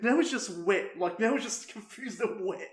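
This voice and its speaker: A young Australian man with a high-pitched voice tells a crude, laughing story full of swearing. He talks as a podcast co-host in casual chat. His voice bounces around an echoey room. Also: moderate pace.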